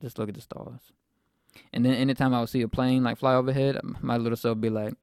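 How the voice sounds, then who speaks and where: A man's voice: medium pitch, fast, vocal fry, no room sound, studio quality. A man of twenty-four hosting a podcast, reflecting at length on a personal faith story in a rambling way, with fillers. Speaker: podcast host.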